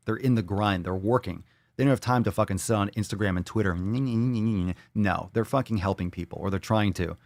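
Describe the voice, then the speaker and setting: A man's voice: lowish voice, vocal fry, no echo. A man hosting a live fitness show, reading viewer comments and ranting with heavy profanity and sarcasm.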